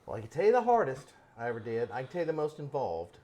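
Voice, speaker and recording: A man's voice: mid-range voice, huge pitch swings, quick pace, mellow. A middle-aged man hosting a casual workshop chat, telling long rambling stories and chuckling often. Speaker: host.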